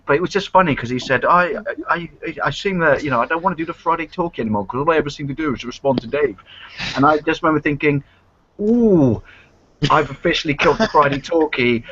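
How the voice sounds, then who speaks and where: A man telling a story in casual group banter on a stream, rushing and stumbling over his words. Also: fairly high pitch, a bit bright, muffled recording, a little hiss or hum. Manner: rushed storytelling, stumbles and restarts. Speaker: live stream regular.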